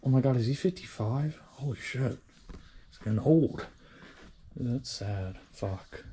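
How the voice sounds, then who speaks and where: Young guy vlogging from his workshop, dark mellow tone, loose and rambling, swears a lot, pokes fun at himself. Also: medium pitch, expressive, measured pace, slight background noise. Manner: rambling, profane, self-deprecating. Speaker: hobby vehicle restorer. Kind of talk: casual workshop vlog.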